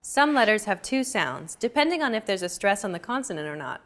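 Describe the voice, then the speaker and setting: A woman reads a scripted language lesson as its host, measured and clear in her explanations. Her voice sits at an ordinary middle pitch. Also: sing-song, a bit bright. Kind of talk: scripted narration.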